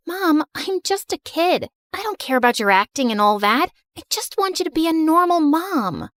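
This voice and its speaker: A woman voicing an embarrassed, exasperated teenage daughter in a higher, pleading voice. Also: big pitch swings, normal speed, fairly bright tone, dry recording, clean studio sound. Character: embarrassed teenage girl, sharp-tongued daughter.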